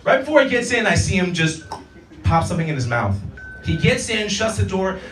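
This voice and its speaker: A man's voice: high voice, big pitch swings, fairly quick, a bit bright, soft background music. A man in his thirties performing a stand-up set in a comedy club, acting out characters in silly voices. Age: 30s. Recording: roomy club audio from a distance. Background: audience laughter.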